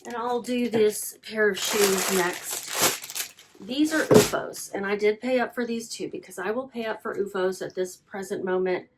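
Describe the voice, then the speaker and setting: Slow, chatty woman reseller. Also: mid-range voice, very noisy. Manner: chatty, thinking aloud, trailing off and repeating herself. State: yawning, hiccuping. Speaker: reseller vlogger. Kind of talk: casual chatty vlog while packing orders.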